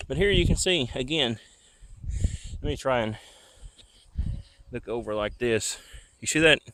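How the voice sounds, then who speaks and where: The vlogger strolls around his rural land at night holding his camera, chatting easily and rambling for a casual walking tour. He sounds animated and unhurried, with a mid-range, fairly bright voice.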